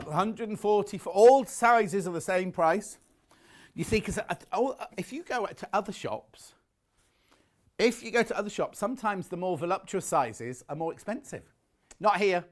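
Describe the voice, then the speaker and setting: A high-pitched male shopping-channel presenter gives a live TV sales pitch in quick, chatty patter. Slightly out of breath, he keeps correcting himself, captured on a lapel mic in the studio.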